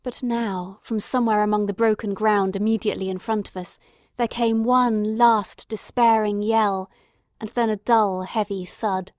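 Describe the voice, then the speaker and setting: A woman giving steady, dramatic scripted narration of an audiobook. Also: mid-range voice, normal speed, no echo, clean studio sound.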